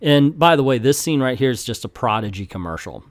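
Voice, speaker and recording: A man giving an opinionated, animated casual review of comic books, talking with his hands. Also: medium pitch, fairly quick, dry recording, studio quality. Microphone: close desk mic.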